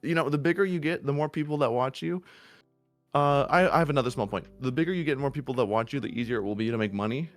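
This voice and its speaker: A man's voice: medium pitch, quick pace, soft background music. A man streaming from home, giving casual, blunt advice to other streamers, and swearing freely for emphasis. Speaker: VTuber streamer.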